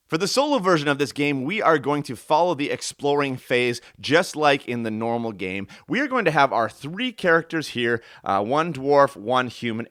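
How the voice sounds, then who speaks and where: Male host, upbeat rules explainer and narrator, lively pitch, dry close sound. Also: no echo. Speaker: host and solo game runner.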